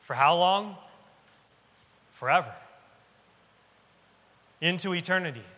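A man's voice: high-pitched, expressive, slow, pushed and bright. A man in his thirties preaching a sermon as pastor, earnest and emphatic, with lots of repetition. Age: 30s. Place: church sanctuary. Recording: long reverb of a church hall.

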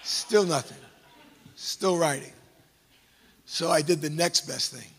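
A male pastor telling a funny personal story in a sermon, animated and self-mocking. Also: fairly high pitch, slow pace, slight background noise. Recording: long hall reverb.

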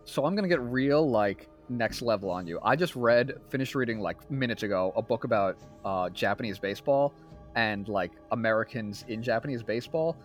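Two to three sentences: A young man in casual podcast chat, his pitch leaping up and down as he talks. He sounds animated and laughs often. Faint music sits under his voice. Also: fairly quick. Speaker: podcast co-host.

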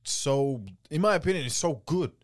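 A man's voice: on the high side, expressive, normal speed. A young man in casual chat, easygoing and full of slang as he offers his own theories.

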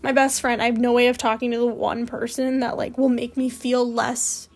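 A woman's voice: a little high, flat delivery, normal speed, soft background music. A young woman telling a personal story to her viewers in a rambling, candid way, full of fillers and restarts. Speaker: vlogger.

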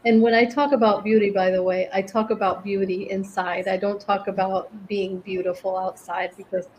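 A middle-aged woman from Venezuela, a guest speaking in an interview in a reflective, gentle way. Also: mid-range voice, little pitch movement, normal speed, slight background noise, rough recording. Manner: reflective, gentle, laughs often. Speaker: guest, cancer survivor and author. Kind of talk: interview conversation.

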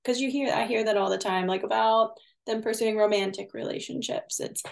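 A woman's voice: on the high side, fairly even intonation, a little fast, gravelly. A woman co-hosting a podcast, talking casually and thoughtfully, often hedging with "you know".

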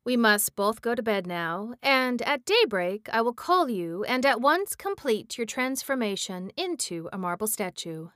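A woman's voice: on the high side, sing-song, unhurried, few pauses, fairly bright tone, dry recording, clean studio sound. A woman voicing a stern, wrinkled old witch in a read-aloud storybook, speaking severely.

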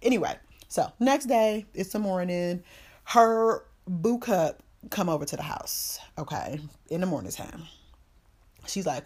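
A woman's voice: lowish voice, animated, measured pace, a little mellow. A woman hosting a podcast, recapping a movie in a casual, profane, slangy way. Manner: profane, slangy storytelling with quoted voices. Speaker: podcast host.

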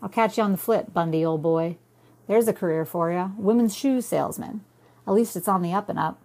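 A woman's voice: medium pitch, brisk, darkish tone, close to an everyday voice. A woman voicing a goofy young man at a party who talks in a put-on Jamaican accent and loose slang.

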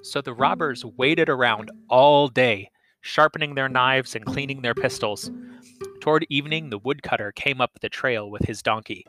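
A man's voice: medium pitch, moderate pace, bright, forceful tone, soft background music. A man telling a folk tale aloud as the host of a storytelling podcast, reading evenly and expressively. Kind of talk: storytelling narration.

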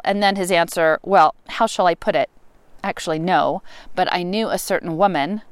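A woman reading a novel aloud, expressive, with sudden rises and emphatic words. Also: on the low side, normal speed, clear, resonant tone, no echo. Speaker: reader.

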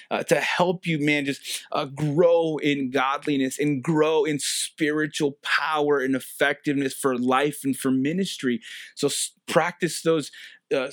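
A man's voice: on the high side, fairly bright tone, no room sound, studio quality. A man preaching a sermon in an earnest way, repeating key phrases and adding casual fillers. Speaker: pastor.

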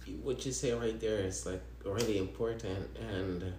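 A man's voice: fairly low pitch, fairly even intonation, moderate pace, warm tone. A young man with a Senegalese French accent, talking earnestly and reflectively in casual, slangy chat. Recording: echoey room, faint background noise.

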